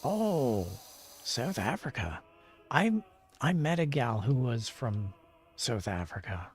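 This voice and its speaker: Male streamer, relaxed and rambling, mid-range voice, soft music underneath, easygoing chat with viewers. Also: takes it slowly. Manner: rambling, low-key, chatting back to viewers. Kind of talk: casual chat while gaming.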